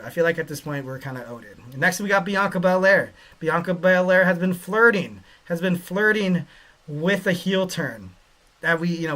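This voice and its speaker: A man with a high, bright voice hosts a casual wrestling podcast. He rambles through opinions, circling back with fillers and light jokes as he goes. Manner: rambling, lots of "you know" fillers, joking asides. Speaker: podcast host.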